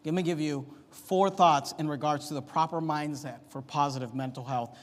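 A man preaching a sermon as pastor, emphatic, swinging from quiet to loud. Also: on the high side, normal speed. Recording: long hall reverb.

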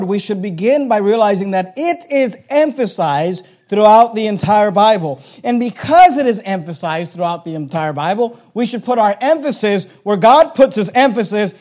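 Male pastor, high pitched, emphatic repetitive sermon delivery. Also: animated, moderate pace, few pauses, a little mellow. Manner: emphatic, repetitive preaching with rising intensity.

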